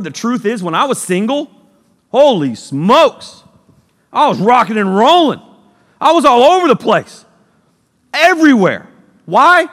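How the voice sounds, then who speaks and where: A man preaching a sermon, energetic and jokey, swinging between loud bursts and hushed passages. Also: extremely high pitch. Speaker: youth pastor. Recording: long reverb of a large hall.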